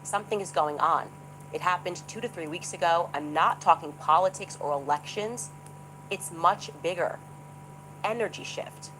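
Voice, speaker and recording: A woman's voice: on the low side, moderate pace, a bit bright, slight background noise, low-quality recording. A woman telling a story in a monologue, reading quotes aloud with dramatic emphasis. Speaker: speaker in a played clip.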